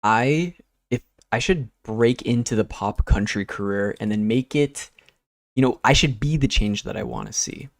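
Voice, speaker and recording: A man's voice: mid-range voice, normal speed, gravelly, no room sound, clean studio sound. A young man streaming, chatting casually and rambling while he works, with easygoing talk and casual swearing. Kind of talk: casual chat while working.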